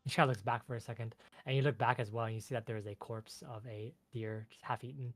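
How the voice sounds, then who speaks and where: A man's voice: mid-range voice, steady tone, quick pace, hardly any pauses, no room sound. A man narrating a tabletop game as game master, loose and chatty.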